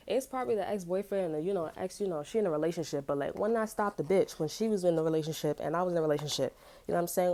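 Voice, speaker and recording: A woman's voice: lowish voice, rapid-fire, dark tone. A woman giving a casual tarot reading, telling personal stories in loose slang and laughing often. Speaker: tarot reader.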